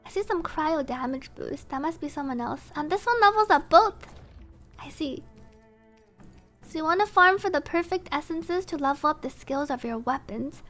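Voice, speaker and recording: A woman streamer giving casual gameplay commentary, thinking aloud and breaking into excited, giggly reactions. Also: high voice, normal speed, faint music behind.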